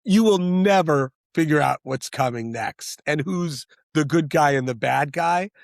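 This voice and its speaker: A middle-aged man, a screenwriter and director, talking in an interview in an animated, rambling way with many restarts. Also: on the high side, unhurried, creaky, dry recording, clean studio sound. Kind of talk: interview conversation.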